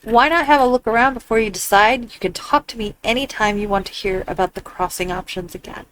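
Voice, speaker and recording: A plain-spoken frontier ferryman, read by a woman in a put-on accent, laying out the choices for crossing the river. The voice sits a little high. It keeps a steady, businesslike game-dialogue delivery. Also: a little fast, slight background noise, close to an everyday voice, rough recording. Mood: matter-of-fact. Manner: put-on accent, reading his lines aloud.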